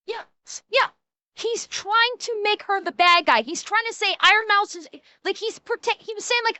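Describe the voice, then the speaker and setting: A woman's voice: extremely high pitch, normal speed, bright, forceful tone, no echo. A woman streamer giving blunt, heated, profane commentary while reacting to clips.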